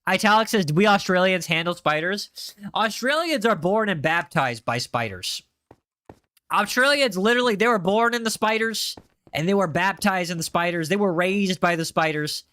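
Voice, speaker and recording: Young male streamer, playful teasing chat, bright high voice, dry close mic. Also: lively intonation, moderate pace, no room sound. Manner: playful, teasing, repeats himself for comic effect. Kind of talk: casual live-stream chat while gaming.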